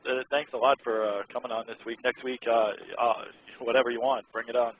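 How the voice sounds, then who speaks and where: A man's voice: mid-range voice, level tone, brisk, phone-quality sound, a little hiss or hum. A man hosting an internet radio show, chatting casually and reading out web articles in a rambling, irreverent way, laughing often. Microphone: close mic he keeps blowing into.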